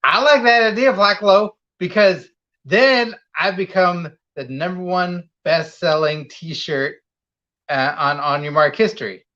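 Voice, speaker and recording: A man's voice: high voice, measured pace, sharp tone, dull audio. A man co-hosting a comedy wrestling show, bantering in a goofy, boastful way. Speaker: show co-host.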